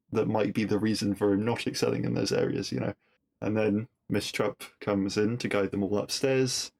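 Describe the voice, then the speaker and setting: Man, lowish voice, wry casual recap, chatty podcast host. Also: steady tone, normal speed, creaky. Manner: wry, conversational, puts on voices when quoting. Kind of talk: episode recap commentary.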